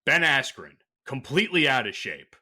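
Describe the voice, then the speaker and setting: A man co-hosting a podcast, talking sports in animated, opinionated casual chat. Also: mid-range voice, normal speed, slightly rough. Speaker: podcast co-host.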